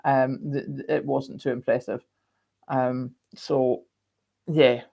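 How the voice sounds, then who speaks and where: A woman's voice: extremely low pitch, little pitch movement, slow, gravelly, dark tone, breathy edge. A woman hosting a casual live stream, chatting rambly and reading out viewer comments with lots of ums. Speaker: livestream host.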